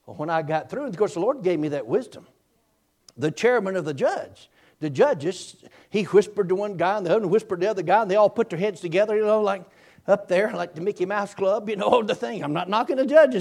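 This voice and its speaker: A man's voice: sits high, lively intonation, fairly quick, vocal fry, darkish tone. A man preaching a sermon by telling a personal story in a folksy, repetitive way, chuckling as he goes.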